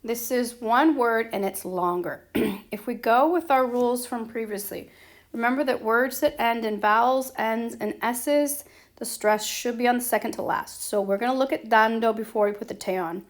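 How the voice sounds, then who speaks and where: A woman explaining a grammar lesson as a teacher, patient and checking in with her students as she goes. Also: on the high side. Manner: slow, patient, checks in with "okay?" and "right?". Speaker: Spanish teacher.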